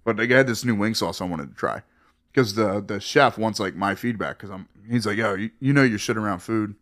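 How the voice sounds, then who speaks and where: Young man, bright and forceful tone, profane podcast guest spinning bar-door stories, quick to laugh and act out voices. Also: on the low side. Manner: profane, laughs often, acts out other voices. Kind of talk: casual storytelling chat.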